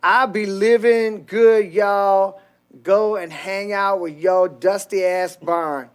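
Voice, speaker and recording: A man putting on a slow, drawling, exaggerated mocking voice to play a boastful man reading a viewer's donation message. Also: sits high, fairly even intonation, clear, resonant tone, pitched above the performer's own voice.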